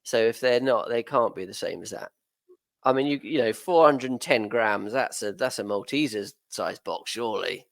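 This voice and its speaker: A man's voice: on the low side, moderate pace, creaky, no room sound. A man co-hosting a casual podcast chat, speaking in a wry, teasing way. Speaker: podcast co-host.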